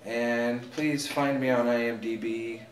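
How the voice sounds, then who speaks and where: A man's voice: mid-range voice, steady tone, unhurried. A man, an actor and director, chatting eagerly as an interview guest and readily plugging his own work. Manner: eager, self-promoting, chatty. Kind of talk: casual interview chat. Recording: echoey room, mic at a distance, faint ambient noise.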